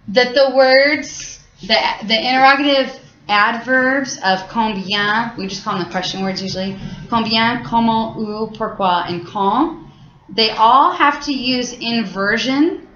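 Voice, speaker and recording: A woman's voice: a little high, fairly bright tone, a little hiss or hum. A woman teacher explaining grammar to her class in a casual, chatty way, full of fillers and restarts. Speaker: French teacher. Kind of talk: classroom lesson. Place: high school classroom. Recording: echoey classroom, dull lo-fi sound.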